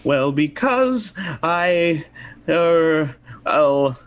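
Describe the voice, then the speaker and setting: A man's voice: a little high, animated, drawn-out words, clear, resonant tone. A man reading a lead part with joking asides in a comedy table read of an old radio play.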